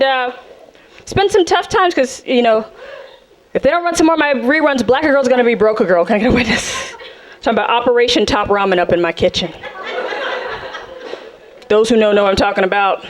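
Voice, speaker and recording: A woman from South Central Los Angeles works a live stand-up crowd in a high, bright voice. She is sassy and animated and slips into little character voices. Loud audience laughter rolls under her lines. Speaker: stand-up comedian. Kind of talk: stand-up comedy set.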